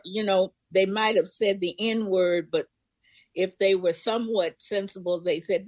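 A woman's voice: mid-range voice, steady tone, unhurried, no echo. An older woman from Memphis, a guest in an interview, telling her own memories and acting out the voices of people in them. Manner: vivid storyteller, acts out voices in quotes. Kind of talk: personal storytelling.

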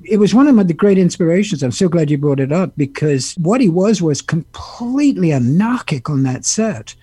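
Husky-voiced older man telling lively anecdotes. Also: a little high, normal speed, dry recording. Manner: animated anecdotes with impressions and laughter. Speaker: guest, actor and musician. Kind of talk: interview storytelling.

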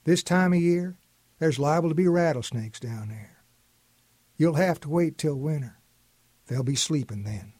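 A patient old grandfather with a folksy, coaxing drawl, as a storyteller puts him on. His husky voice sits a little high and moves at an unhurried pace. The sound is close and dry. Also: expressive, darkish tone, dry recording. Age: older.

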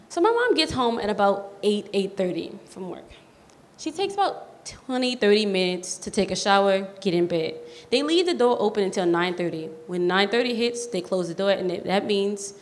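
A teenage girl from New telling a personal story on stage, lively and youthful, with quick bursts of excitement. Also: mid-range voice. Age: teens. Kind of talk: live storytelling. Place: community school event space. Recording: long hall reverb.

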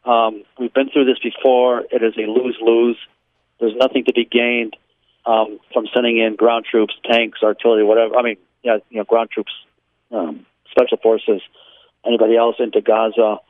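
A man's voice: medium pitch, flat delivery, moderate pace, no room sound. A man, a law professor, speaking frankly and bluntly as a radio interview guest from his home, with frequent ums and sarcastic asides. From Israel. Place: his home near Jerusalem. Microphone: phone line. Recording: tinny phone line.

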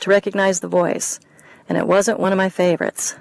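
A woman, the author, reading her first-person mystery novel aloud in a wry, expressive way. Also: medium pitch, brisk, creaky, dry recording, low-quality recording.

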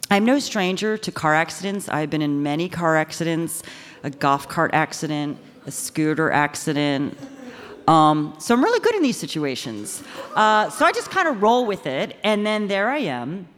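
Woman storyteller, lower voice, animated and self-mocking, on a stage mic with long hall reverb. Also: normal speed. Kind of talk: live first-person storytelling. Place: live stage in front of an audience.

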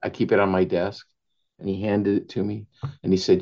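A man, an author, telling animated anecdotes in an interview, laughing often and slipping into Spanish phrases. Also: on the low side, a little fast, creaky, dull audio. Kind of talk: storytelling in a conversational interview.

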